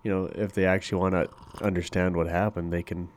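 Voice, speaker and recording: A man's voice: low-pitched, level tone, fast. A man chatting casually as a podcast co-host, laid-back and sweary, riffing on his partner's jokes. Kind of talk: casual chat.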